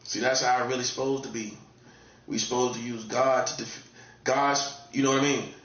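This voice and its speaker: A man with a North Carolina Southern accent offers a laid-back, repetitive monologue with a warning tone, working as an online commentator. His medium-pitched, slightly bright voice keeps fairly even intonation at a moderate pace, recorded distant and echoey in a dull lo-fi room.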